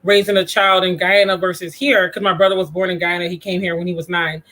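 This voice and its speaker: A man's voice: high-pitched, flat delivery, fast talker, sharp tone. A man from the United States hosting a casual livestream, rambling and laughing as he talks straight to viewers. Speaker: livestream host.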